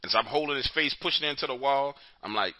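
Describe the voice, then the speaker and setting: A man's voice: mid-range voice, racing, pushed and bright, poor audio. A man hosting a call-in show, telling stories in loose, profane casual chat and laughing often. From New Orleans, Louisiana.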